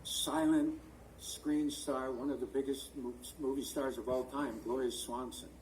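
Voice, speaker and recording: The speaker, an older stage and screen actor, is a chatty interview guest who rambles and gropes for words as he tells stories. On this video call his medium-pitched voice is flat, unhurried and a little mellow, captured by a distant mic in a low-quality recording with slight background noise.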